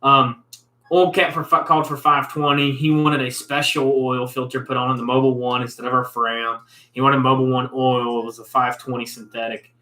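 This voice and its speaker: A man speaks in a bright, forceful voice as he vents about a customer, rambling and blunt. His words echo through a roomy space. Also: mid-range voice, level tone, moderate pace. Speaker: show host, car mechanic. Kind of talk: casual storytelling rant.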